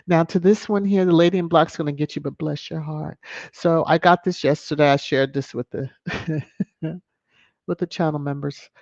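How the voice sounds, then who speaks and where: A woman's voice: low-pitched, steady tone, normal speed, a little mellow, dry recording. A woman hosting a celebrity news commentary vlog, sassy and emphatic, repeating phrases for effect. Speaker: vlog host. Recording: dry, dull lo-fi sound.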